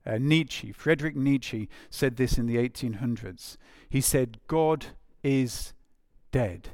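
A man's voice: medium pitch, unhurried, dry recording, clean studio sound. A man preaching a sermon in a conversational way, with frequent fillers and phrases repeated for emphasis.

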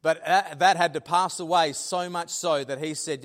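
Animated pastor, fairly high voice. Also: male voice, normal speed. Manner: animated, swings from loud emphasis to hushed asides. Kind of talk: sermon.

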